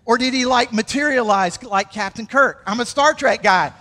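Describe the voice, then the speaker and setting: A pastor with a high voice preaches in a church sanctuary, speaking casually and with energy as he calls on the congregation to repeat his words. His voice rings out with a long reverb from the hall. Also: moderate pace. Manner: energetic, conversational preaching with audience call-outs. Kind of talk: sermon.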